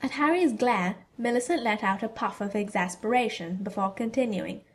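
A woman narrating a fan fiction story in a steady storytelling delivery. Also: medium pitch, moderate pace, few pauses.

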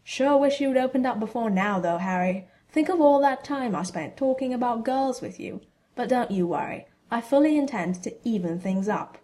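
A woman's voice: fairly high pitch, lively intonation, normal speed, mellow, natural voice. Woman reader doing a blunt, scheming schoolboy wizard; brash and teasing. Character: scheming teenage boy wizard, cheeky and blunt.

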